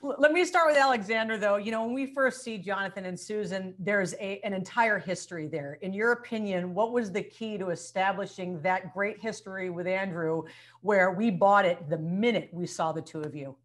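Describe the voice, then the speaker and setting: A woman's voice: mid-range voice, normal speed. A woman host interviewing film cast members, gushing with effusive praise between her questions. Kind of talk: press junket interview.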